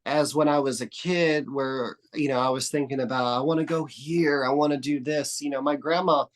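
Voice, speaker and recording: This man from Texas speaks at a normal speed in a steady, mid-range voice. He's a podcast guest in a relaxed conversation, rambling through stories that he keeps restarting and letting trail off, with casual cursing mixed in.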